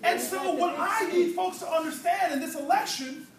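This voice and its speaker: A man's voice: extremely high pitch, moderate pace. A man giving a rousing, preacherly speech with playful storytelling, trading call and response with a crowd in a church hall. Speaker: political speaker. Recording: echoey hall, distant mic, crowd.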